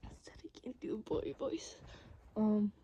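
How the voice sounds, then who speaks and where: A woman in a whispered role-play, speaking to the listener in a soft, mostly unvoiced whisper, rambling and hesitant with many fillers. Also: mid-range voice, sing-song, measured pace, muffled recording.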